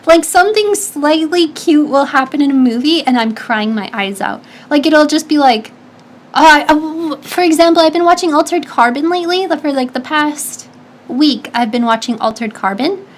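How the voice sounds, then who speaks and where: Young female streamer, high-pitched, chatty and giggly, rambles through viewer questions with frequent restarts. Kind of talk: casual stream chat reading viewer questions.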